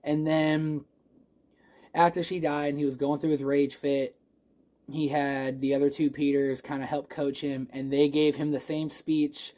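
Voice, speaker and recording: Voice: mid-range voice, measured pace. A movie reviewer in a casual spoiler review vlog who says they are a little stoned. They ramble and gush, swear freely and restart sentences often. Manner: rambling, gushing, swears a lot; excitable, emotional, restarts often.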